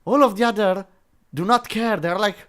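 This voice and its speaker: In a high-pitched, fairly bright voice at ordinary speed, a comic reviewer sneers at the book in front of him. His sarcastic remarks are full of fillers and false starts.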